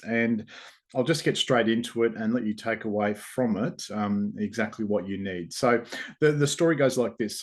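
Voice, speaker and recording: Male host, low-pitched, casual storytelling, loose rambling delivery. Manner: relaxed, rambling, with fillers and restarts.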